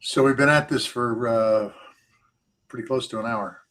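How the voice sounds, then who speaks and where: A man's voice: mid-range voice, steady tone, moderate pace, a bit bright. A man, a senator co-hosting a podcast, talking in a blunt, folksy, emphatic way. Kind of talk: casual chat.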